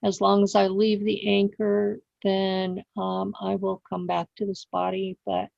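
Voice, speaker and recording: A woman host answering slowly and quietly, with soft affirmations. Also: mid-range voice, level tone, vocal fry, no echo. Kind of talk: interview listening and reply. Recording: dull lo-fi sound, dry.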